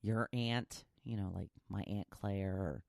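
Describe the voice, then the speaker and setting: In a dry studio recording, a middle-aged woman with an extremely low, gravelly, slightly mellow voice speaks a bit slowly. She hosts her own podcast solo, chatty and goofy, laughing between ideas.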